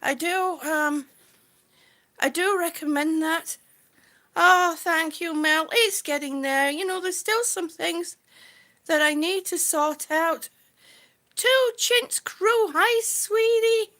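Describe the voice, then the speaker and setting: A vlogger strolls through her house on a live stream, holding a phone on a gimbal, her very high-pitched voice slow and a little breathless. She's warm and chatty, welcoming viewers by name and addressing them as sweetie.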